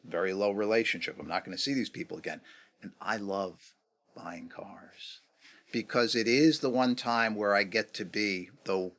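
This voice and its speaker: A middle-aged New Yorker with a voice on the low side is a guest in an interview. He tells negotiation stories casually and animatedly, tossing out rhetorical questions.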